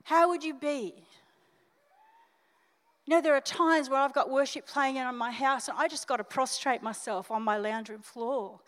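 An older woman with an Australian accent, a senior pastor preaching an animated, emotional sermon straight to her congregation. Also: high-pitched, normal speed. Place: church hall. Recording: reverberant church hall.

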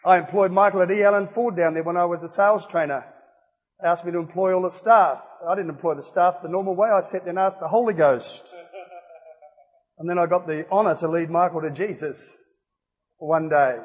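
A man preaching an evangelistic sermon, emphatic and rising to loud exclamations. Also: high-pitched, breathy edge. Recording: reverberant hall.

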